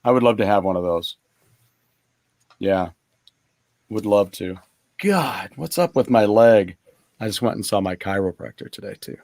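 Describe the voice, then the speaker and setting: A man's voice: on the low side, moderate pace, long pauses, darkish tone, no room sound. Casual male co-host, rambling and chatty, dry close sound. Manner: chatty, rambling with many fillers. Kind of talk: casual stream chat.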